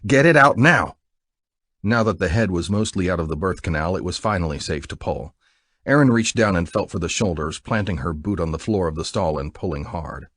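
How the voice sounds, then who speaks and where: A man giving an expressive, dramatic audiobook narration. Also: sits low, a little fast, no room sound.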